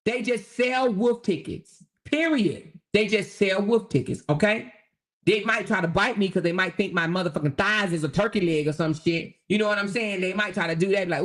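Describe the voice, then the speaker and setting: A woman's voice: mid-range voice, fairly quick. A woman, hosting a livestream and ranting in a profane, confrontational way, again and again asking whether you hear her. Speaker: livestream host. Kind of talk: heated livestream rant.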